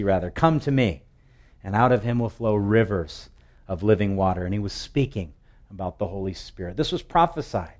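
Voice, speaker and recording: A man's voice: lowish voice, a little mellow. Man preaching a sermon with swelling emphasis. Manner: preaching with rising emphatic swells and slow, drawn-out scripture readings. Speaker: pastor.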